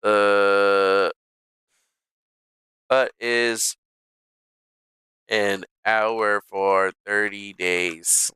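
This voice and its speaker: A man live streaming, talking casually to himself and his chat, swearing often, muttering, then bursting into loud exasperated outbursts. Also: on the low side, little pitch movement, drawn-out words, pauses often, smooth, no room sound.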